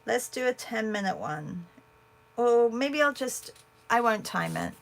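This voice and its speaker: A woman's voice: fairly high pitch, animated, measured pace, vocal fry. A woman hosting an art livestream, chatting casually and answering viewers as she paints. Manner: chatty, thinks aloud and answers viewers' comments.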